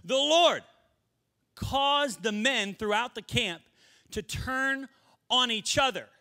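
A male pastor preaching an animated, comedic sermon, acting out scenes with shouts and sound effects. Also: very high-pitched, slow. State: winded. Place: church sanctuary.

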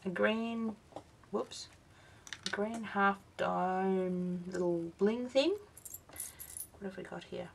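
A woman's voice: mid-range voice, takes it slowly, gravelly, pauses often, slight background noise. A woman, tired and yawning, chatting through a craft unboxing vlog and exclaiming over each little item. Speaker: craft vlogger.

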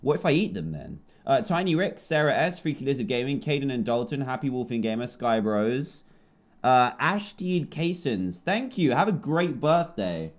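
A man's voice: sing-song, normal speed. A man in his twenties with an English accent, chatty and jumpy as he commentates his own gameplay. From England. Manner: jumpy, chatty, swings between low mutters and loud yelps. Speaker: gaming YouTuber.

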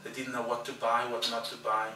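Animated pastor preaching in an echoey hall. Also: male voice, mid-range voice, a little fast, background noise. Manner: animated storyteller, acts out dialogue, laughs at own story. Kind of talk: storytelling sermon. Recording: echoey hall, mic at a distance, background ambience.

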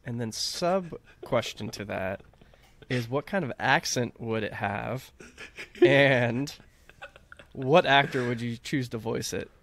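Chatty male podcast host with a raspy edge and faint hiss under the audio. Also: mid-range voice, slow pace, fairly bright tone. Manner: friendly, laughs often, asks playful questions. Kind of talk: casual interview chat.

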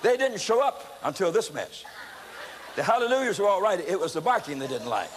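A man, an evangelist preacher, telling a testimony in a sermon as an animated storyteller who acts out voices and shouts. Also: high-pitched, brisk, long reverb tail, background noise. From United States.

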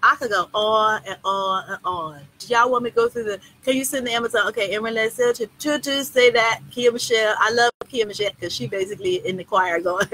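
A woman who organizes tours, answering questions in a casual live video with a blunt, profane, animated way of talking. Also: medium pitch, normal speed, rough recording. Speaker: tour organizer and host.

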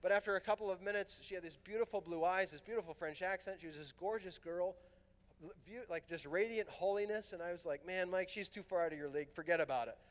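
A middle-aged man from Southern California telling a lively personal story at a youth conference, acting out the voices in his dialogue. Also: high voice, quick pace. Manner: animated, acts out quoted dialogue. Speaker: priest and conference speaker. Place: large fieldhouse hall. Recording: long hall reverb.

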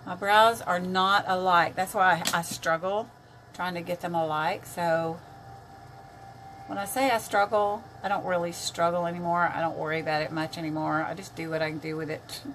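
A woman's voice: lowish voice, fairly even intonation, normal speed, fairly bright tone, a little hiss or hum. An older woman chatting casually on a makeup live stream, greeting viewers by name as she works.

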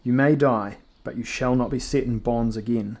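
A man voicing a stern, commanding young captain who speaks with firm, steady resolve in a storybook reading. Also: medium pitch, normal speed, natural voice.

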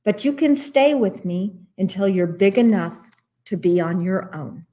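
Storybook wolf, adult male pack leader, calm and kindly, read by a woman. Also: mid-range voice, a little slow, close to an everyday voice.

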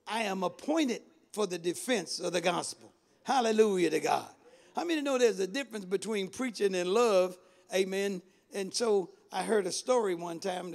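A bishop preaching a Bible study sermon, swinging between loud calls and low drawn-out phrases and calling out to the congregation. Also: male voice, creaky.

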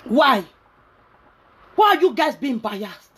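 A Nigerian woman vlogger rants angrily and scolds, mixing pidgin and Yoruba into her speech. Her high, sing-song voice is slightly rough and moves slowly.

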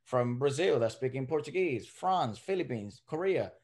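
A man's voice: mid-range voice, expressive, moderate pace, darkish tone. A man hosting a podcast in casual chat, rambling with many restarts. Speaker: podcast host.

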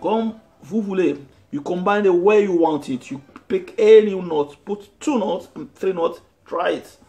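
A man's voice: high-pitched, measured pace, mellow. A man teaching a guitar lesson, explaining step by step with frequent fillers and restarts. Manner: explains step by step, switching between English and French, with many fillers. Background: guitar playing.

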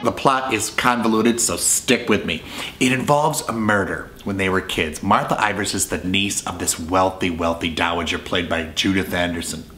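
A man's voice: deep voice, steady tone, normal speed, sharp tone, faint music behind. A man reviewing a classic film in a casual way, retelling the plot as a chatty storyteller who acts out the scenes.

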